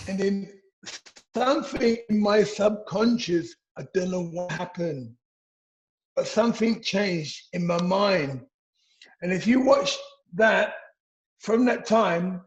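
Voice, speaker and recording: A middle-aged man from England, telling stories in a casual interview, animated and stumbling over restarts. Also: high-pitched, slow, low-quality recording. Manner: animated storytelling with repeated restarts. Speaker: interview guest, former boxer.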